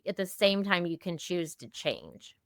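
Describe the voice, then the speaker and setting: A woman in her fifties, an eating disorder specialist, explaining gently in a casual podcast conversation and acting out little example dialogues. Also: on the low side, big pitch swings, a little slow, no room sound, studio quality. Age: 50s.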